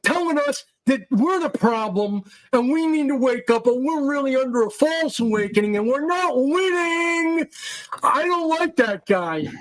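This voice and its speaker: A man's voice: very high voice, expressive, measured pace, fairly bright tone, dry recording, voice pushed up, heavily acted, low-quality recording. A man mimicking a defensive, sulky male follower in a mocking, sing-song whine.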